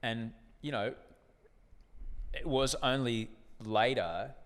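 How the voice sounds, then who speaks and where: An Australian man in his forties, a broadcaster guest telling animated, profane stories in a casual interview. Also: medium pitch, slow, smooth. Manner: animated, profane, acts out other people in anecdotes. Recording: echoey room with long reverb.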